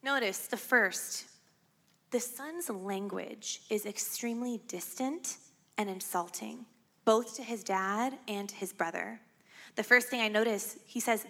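A woman whose first language is Farsi delivers a sermon with a bright, clear tone. Her talk is conversational, often checking in with her listeners with a quick tag question. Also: fairly high pitch. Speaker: preacher. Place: church.

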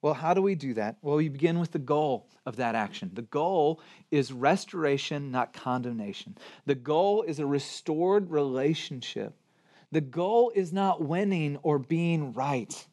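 A middle-aged man preaching a sermon as pastor, earnest, rising to emphatic peaks and dropping to hushed prayer. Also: fairly high pitch, lively intonation, a little slow. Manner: earnest, swings between emphatic rises and soft hushed prayer.

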